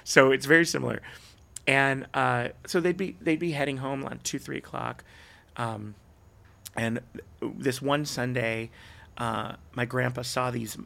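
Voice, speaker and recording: A middle-aged man, a podcast guest, telling stories in a casual chat and acting out the people he quotes with big jumps in pitch. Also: fairly even intonation, unhurried, creaky, pushed and bright.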